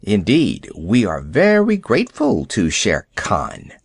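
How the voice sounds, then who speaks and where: Man doing a calm mother wolf, quiet and measured, dry close read. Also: lowish voice, slightly rough, no room sound, exaggerated voice. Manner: quiet, measured, dryly ironic. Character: calm wary female wolf, protective mother. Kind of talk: storybook reading.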